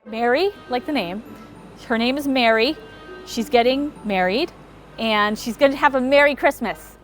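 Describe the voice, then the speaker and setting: A woman's voice: a little high, moderate pace, soft background music. A woman from Connecticut hosting a local news magazine show, upbeat and playful. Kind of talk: light local news presenting.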